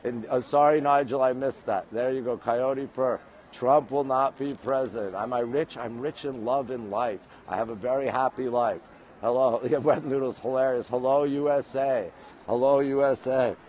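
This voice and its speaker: Holding his phone outdoors on city monument steps, this Canadian host welcomes his live audience and reads out their comments in a chatty way. He speaks at medium pitch with a steady, slightly mellow tone and a moderate pace, and there's a faint hiss or hum.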